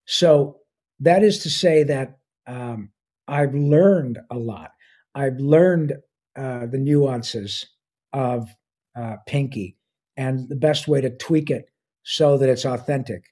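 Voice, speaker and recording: Enthusiastic and rambling, this sixty-something voice actor fills his interview answers with fillers in casual talk. His tone is warm and slightly rough, at a medium pitch.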